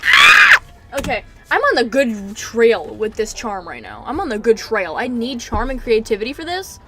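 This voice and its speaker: A woman streaming a game, chatting casually and reading its text aloud, excitable and quick to break into squeals. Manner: excitable, bursts into high squeals and laughter.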